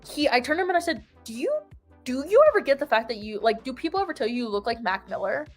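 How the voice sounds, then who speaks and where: Young woman, high voice, rambly storytime chat, says like a lot, little bit of music in the back. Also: fast talker. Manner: rambling, filler-heavy "like", animated retelling. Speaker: host.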